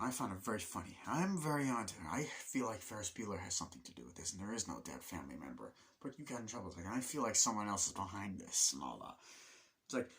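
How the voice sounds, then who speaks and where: Male vlogger, fairly low voice with a bright, forceful edge; casual, profane, rambling movie review. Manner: rambling and excitable, swears often, many fillers like "like"; acts out movie lines in quick put-on voices. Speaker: film reviewer.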